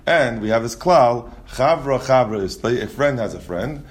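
A man's voice: medium pitch, animated, moderate pace. A man teaching a Talmud class. He reads the Aramaic text aloud and explains it in English, often restarting his sentences.

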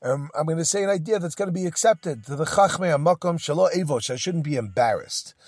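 A man's voice: fairly high pitch, fast talker, no echo, studio quality. A man teaching a casual Talmud class, acting out the rabbis' dialogue with Hebrew and Aramaic terms.

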